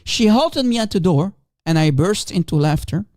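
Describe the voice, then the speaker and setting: A male religious debater, a native Arabic speaker, streams commentary in a high, expressive voice at a moderate pace, with a darkish tone and clean, echo-free studio sound. He mocks and laughs at his opponent, sounding scornful and emphatic, and repeats his points to hammer them home.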